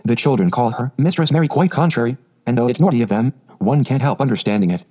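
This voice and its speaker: A man voicing a gentle, pitying clergyman's wife who sighs over a neglected child, in a storybook reading. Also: mid-range voice, fast talker, breathy edge, natural voice. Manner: pitying, sighing.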